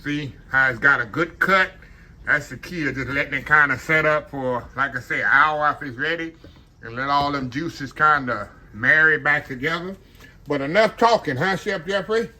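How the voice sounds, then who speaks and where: A man's voice: fairly high pitch, moderate pace, sharp tone, slight background noise. A man chatting casually to his viewers while cooking at home in his kitchen. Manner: chatty, talks to viewers as "y'all". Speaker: home cook.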